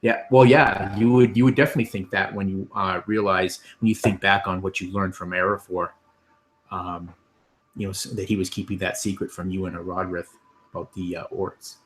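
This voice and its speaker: A man's voice: low-pitched, fairly even intonation, a little fast. A man narrating scenes as game master of a tabletop game, with many ums and restarts.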